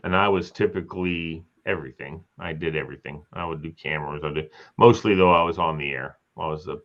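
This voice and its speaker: A man's voice: extremely low pitch, steady tone, a little fast, a bit bright. A man hosting a casual live chat, telling rambling stories and acting out quotes. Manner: rambling storyteller, chatty, acts out quotes. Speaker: host. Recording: slightly dull lo-fi sound.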